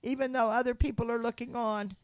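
A woman in a Christian conversation, teaching from the Bible with animated storytelling and acted-out quotes. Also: on the high side, quick pace. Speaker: Christian speaker.

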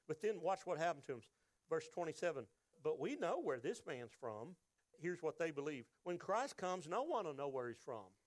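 A man's voice: sits high, dry recording. A man preaching a sermon, reading scripture and acting out crowd voices with emphatic delivery. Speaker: pastor.

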